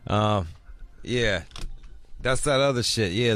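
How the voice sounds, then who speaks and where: The recording is studio quality with no room sound. A middle-aged man with a fairly low, slightly bright voice speaks unhurriedly while co-hosting a casual podcast, bluntly swearing and doing voices in his anecdotes.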